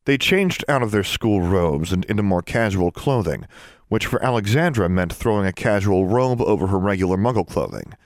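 A deep-voiced male audiobook narrator reads in a steady, measured way, recorded cleanly in a studio with no room sound.

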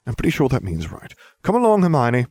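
A man voicing a smug, scheming teenage boy wizard who talks briskly and bossily. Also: medium pitch, wildly swooping pitch, darkish tone, slightly rough, no room sound, pitched above the performer's own voice, full character voice. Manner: brisk, self-satisfied, bossy.

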